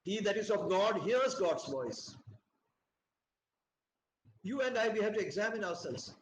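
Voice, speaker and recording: High-voiced earnest man leading Bible study. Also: expressive, unhurried. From India. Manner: earnest, emphatic, preacherly. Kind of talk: reading and explaining scripture. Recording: roomy echo, faint background noise.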